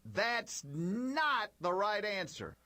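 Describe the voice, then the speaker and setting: An actor voicing an upbeat male game show host in a video game, with a teasing, drawn-out announcer delivery. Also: sits high, wildly swooping pitch, sharp tone, no room sound, exaggerated voice.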